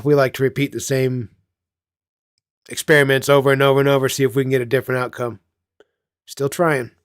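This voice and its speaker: A man's voice: medium pitch, dry recording, studio quality. Rambling, foul-mouthed man telling stories. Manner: rambling, profane, laughs at himself. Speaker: channel host. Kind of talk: casual storytelling chat.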